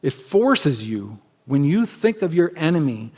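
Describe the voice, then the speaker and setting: A man preaching a sermon as pastor in a church, conversational and emphatic, acting out quick asides in other voices. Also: fairly high pitch, sing-song, a little mellow. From United States. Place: church sanctuary.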